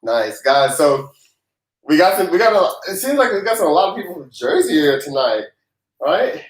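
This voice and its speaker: This tax professional's voice is a little high, swinging widely in pitch at a moderate pace. Raised in the South, he hosts a laid-back livestream Q&A, joking and laughing loosely in an echoey room.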